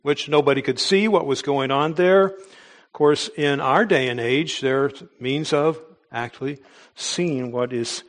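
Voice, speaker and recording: A man's voice: fairly high pitch, measured pace. Earnest male preacher. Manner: earnest, emphatic preaching with small restarts. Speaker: pastor. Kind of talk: sermon.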